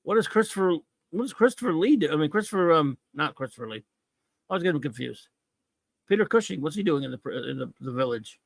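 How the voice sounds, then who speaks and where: A man's voice: a little high, lively intonation, quick pace, gravelly, no echo, clean studio sound. A middle-aged American man hosting a comics talk show, ranting about a comic with mocking scorn. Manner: scornful, mocking, repetitive rants.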